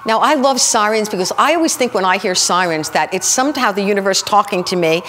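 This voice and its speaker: A woman minister telling stories in a sermon, acting out the people in them with lively shifts of voice. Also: mid-range voice, fast talker, big-room sound, slight background noise. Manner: animated, acts out the people in her stories. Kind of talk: storytelling sermon. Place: spiritual center sanctuary.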